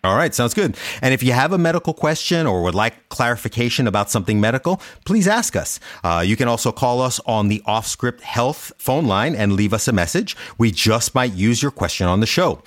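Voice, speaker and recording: A man co-hosting a medical podcast, explaining things in a relaxed, friendly way. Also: medium pitch, brisk, few pauses, no room sound, studio quality. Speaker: podcast co-host, doctor. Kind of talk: casual podcast chat.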